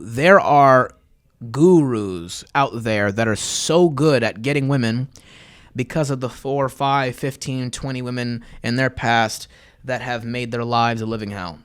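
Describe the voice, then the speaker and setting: A young man hosts a casual livestream, talking straight to his viewers in a loose, rambling way. His voice is smooth and clear, set at an ordinary middle pitch. He drifts between topics with plenty of fillers. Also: a little slow. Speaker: podcast host and livestreamer.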